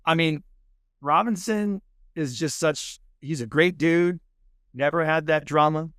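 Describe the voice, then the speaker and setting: A man's voice: on the high side, measured pace, fairly bright tone, no echo. Laid-back guest man in a dry studio. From California. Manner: laid-back, enthusiastic, says "man" and "dude" often. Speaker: podcast guest, food show host. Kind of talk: casual chat. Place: podcast studio.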